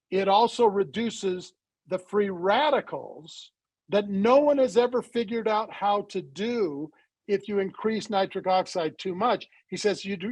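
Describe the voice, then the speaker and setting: A man being interviewed as a guest and founder of a supplement company, telling his story in a lively way and acting out the dialogue he quotes. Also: high voice, husky, dry recording, rough recording. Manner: animated storyteller who acts out quoted dialogue.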